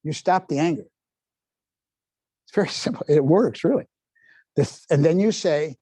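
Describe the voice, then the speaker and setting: Lively older man leading a parenting workshop. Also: a little high, normal speed, pauses often, husky, dry recording. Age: 70s. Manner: lively, quizzes the audience, folksy asides. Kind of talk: live workshop talk to parents. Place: public library meeting room.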